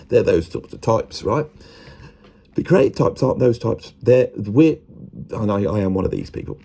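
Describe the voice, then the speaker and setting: An Englishman talking to camera in a rambling, self-mocking monologue, often slipping into quick put-on voices. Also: fairly low pitch, expressive, vocal fry, warm tone, breathy edge.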